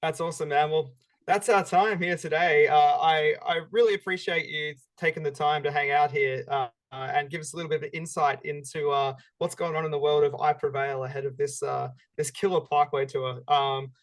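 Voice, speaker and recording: A fairly high-voiced man from Australia hosts an interview, friendly and chatty. He pads his questions with frequent "uh"s. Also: fairly even intonation, normal speed. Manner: friendly, filler-heavy questions with many "uh"s. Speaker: interviewer, host. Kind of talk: casual interview hosting.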